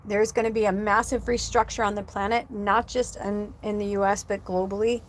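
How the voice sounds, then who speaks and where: A woman's voice: mid-range voice, flat delivery, normal speed, a little hiss or hum. Emotional rambling woman medium. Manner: rambling, heavy use of "like" fillers; emotional, close to tears. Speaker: psychic medium. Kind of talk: casual livestream storytelling.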